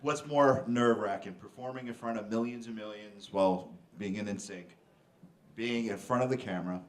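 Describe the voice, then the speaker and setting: A man moderating a convention panel, asking quick questions and laughing often. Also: fairly low pitch. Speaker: panel moderator, show host. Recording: echoey hall, a bit off mic.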